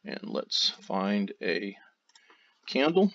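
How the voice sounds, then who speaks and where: A man narrating a software tutorial, walking through steps one by one with loose, casual phrasing. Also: on the low side, extremely slow. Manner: steady step-by-step explaining, loose phrasing. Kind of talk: screen-recorded tutorial narration. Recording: dull lo-fi audio.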